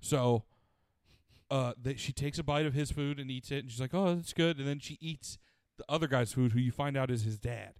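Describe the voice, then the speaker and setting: Speaking fairly quickly with a clean tone, a mid-range-voiced man animatedly recounts a show, quoting its characters. The chat is casual, crude and profane, and the recording is dry, clean studio sound.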